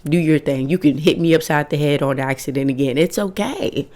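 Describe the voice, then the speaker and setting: A young woman in her twenties with a notably low, deep voice speaks straight to her viewers. She talks in a candid, emphatic way, swearing freely as she gives casual self-help advice. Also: a little fast, darkish tone. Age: 20s. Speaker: vlogger.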